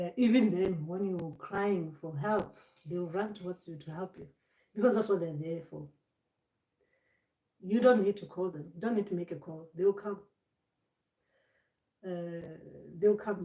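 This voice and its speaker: A woman's voice: lowish voice, mellow, far from the mic. A woman giving an informal spiritual talk, rambling and restarting her words often as she explains her point. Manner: rambling, repeats and restarts words, acts out voices. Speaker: spiritual teacher. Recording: echoey room, voice away from mic.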